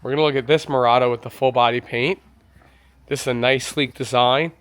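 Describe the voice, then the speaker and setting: A man's voice: medium pitch, fairly even intonation, a little fast, a bit bright, smooth. A man touring an indoor RV show, giving an enthusiastic walkthrough and exclaiming over features. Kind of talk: walkthrough vlog.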